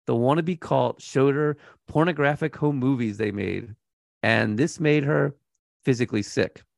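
A man's voice: medium pitch, gravelly, no room sound, studio quality. A man co-hosting a true crime podcast, telling the story in a laid-back, casual way and laughing now and then. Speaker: podcast co-host.

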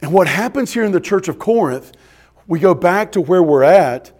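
Man pastor, high voice, emphatic repetitive sermon delivery. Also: expressive, normal speed, a little mellow. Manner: emphatic, repetitive, asks the congregation questions.

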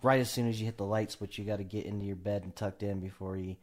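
A man's voice: fairly low pitch, steady tone, quick pace, background noise. A man co-hosting a casual podcast chat, laid-back and dry in his replies. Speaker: podcast co-host.

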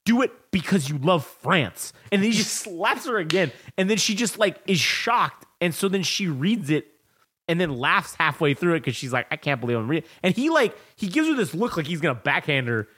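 A man with a fairly high voice that swings widely as he tells the story. He co-hosts a film-review podcast in a casual chat, swears freely and acts out lines from the film. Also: moderate pace, slightly rough. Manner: animated, profane storytelling, acts out movie lines. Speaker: podcast co-host.

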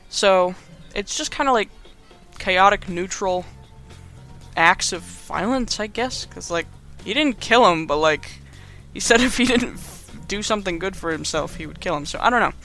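A man's voice: high-pitched, lively intonation, normal speed, pushed and bright, faint music behind. A young man giving a casual, rambling movie recap in slangy speech full of fillers. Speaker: video host.

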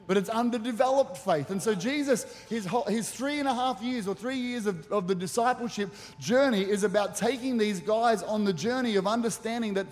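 High-voiced pastor preaching in a hall. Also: male voice. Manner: animated, acts out quotes in the story. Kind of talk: sermon. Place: church auditorium. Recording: long reverb of a large church hall.

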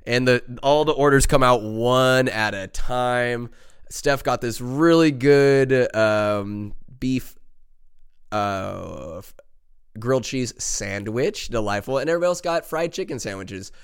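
A man's voice: mid-range voice, takes it slowly, smooth. A young man hosting a podcast, telling a rambling, profane, self-mocking story in casual monologue. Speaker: podcast host.

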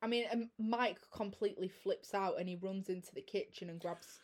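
A woman chatting casually about a film, recapping scenes with quick restarts and asides. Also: mid-range voice. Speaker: film discussion co-host. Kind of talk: casual chat.

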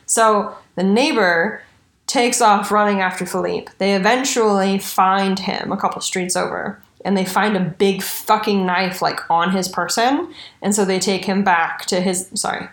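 A woman, mid-pitched, telling a grisly story on a casual podcast with animated, swearing delivery. Her voice sounds roomy and echoey, as if recorded in an untreated room. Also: a little slow. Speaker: podcast co-host. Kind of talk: casual true-crime podcast chat. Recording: roomy echo.

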